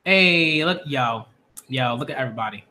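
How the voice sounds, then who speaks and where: A man giving live reaction commentary as a manga critic, excitable and slangy, gushing over what he reads. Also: mid-range voice, moderate pace.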